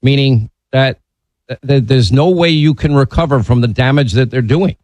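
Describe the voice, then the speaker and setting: A man's voice: mid-range voice, normal speed, darkish tone, dry recording, low-quality recording. A man hosting a call-in radio talk show, blunt and opinionated in a conversational way. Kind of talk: talk radio, taking calls.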